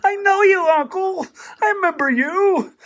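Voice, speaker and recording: A man's voice: fairly bright tone, a little hiss or hum. Man doing a teary happy dog voice. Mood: joyful. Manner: high, tearful, drawn-out puppy voice. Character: overjoyed young male husky-pit dog greeting an old friend.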